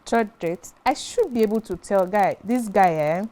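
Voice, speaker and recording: A woman's voice: mid-range voice, lively intonation, moderate pace, dark tone. A woman on a talk show panel chatting casually, retelling past conversations and often checking that listeners follow her. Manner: chatty, retells conversations, keeps asking "do you understand".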